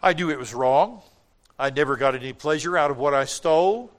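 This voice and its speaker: Earnest older male preacher, high voice. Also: fairly quick. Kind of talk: sermon.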